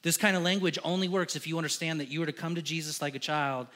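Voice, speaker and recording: A pastor preaching a sermon in a church, impassioned, with emphatic repeated lists, swinging from hushed to loud. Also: male voice, fairly high pitch, quick pace.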